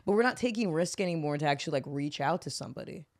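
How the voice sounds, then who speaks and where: A woman's voice: low voice, expressive, racing, a little mellow, no room sound, clean studio sound. A woman co-hosting a podcast in casual, blunt, profane chat, telling stories with animation. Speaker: podcast co-host.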